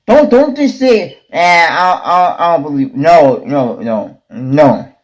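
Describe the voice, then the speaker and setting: Emphatic man with lively pitch. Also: slow, poor audio. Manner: repetitive, emphatic asides. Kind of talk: casual reaction chat.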